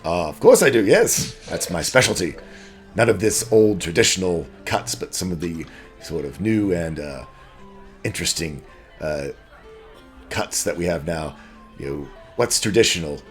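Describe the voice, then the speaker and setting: Guy doing a chill hipster dwarf gem guy, surfer drawl, pretty low voice, bragging about new cuts. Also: animated, normal speed, soft background music. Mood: boastful. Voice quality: casual surfer-ish drawl. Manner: breezy and boastful about new styles. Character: young hipster male dwarf gem cutter, trendy, self-assured.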